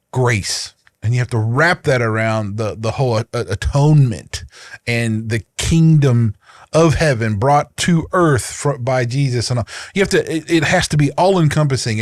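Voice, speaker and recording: A man's voice: medium pitch, no echo. Rambling man co-hosting a chat show. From United States. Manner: rambling, many restarts and fillers. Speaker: podcast co-host. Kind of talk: casual chat.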